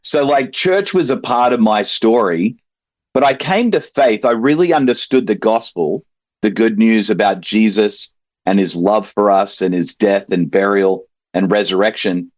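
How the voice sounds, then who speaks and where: A man with an Australian accent that has softened toward American, speaking as an interview guest over a video call and telling his story in a relaxed way with easy laughs. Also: lowish voice, measured pace, no room sound, dull audio.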